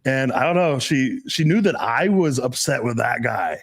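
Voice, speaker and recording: A man's voice: mid-range voice, lively intonation, moderate pace. Blunt, profane man on a podcast. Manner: profane, blunt, storytelling with laughs. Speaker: dating coach, podcast host. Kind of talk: casual podcast chat.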